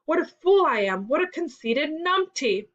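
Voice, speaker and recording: Boastful male toad for a storybook read-aloud, excitable and self-admiring, done by a woman narrator, muffled recording. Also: high voice, moderate pace, voice pushed up. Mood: panicked. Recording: dull lo-fi recording.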